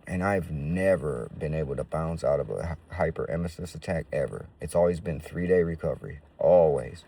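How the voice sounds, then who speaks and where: A man's voice: extremely low pitch, a little fast, creaky, warm tone, recorded from a distance. A man telling his own life story in a casual, slangy, profane way.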